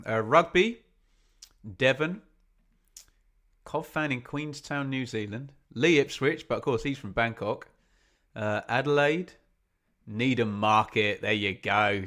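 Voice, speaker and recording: A man's voice: medium pitch, fairly bright tone. A man hosting a football watch-along live stream, reading viewers' locations from the chat in a chatty, self-deprecating way.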